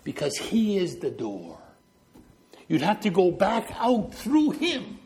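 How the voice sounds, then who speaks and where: A middle-aged man from New Brunswick preaching a sermon. His fairly high voice rises and falls sharply as he tells stories and makes points. He paces back and forth as he talks, illustrating with his hands. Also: wildly swooping pitch, slow, a little mellow. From New Brunswick, Canada. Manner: storytelling, illustrating with gestures, walking back and forth.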